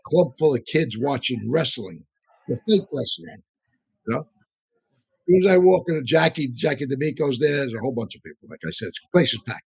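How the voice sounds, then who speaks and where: A man's voice: mid-range voice, vocal fry, a little mellow, husky, no room sound, rough recording. A man telling long, rambling stories in a casual, profane way, full of restarts and asides, on a live show. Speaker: podcast co-host and storyteller.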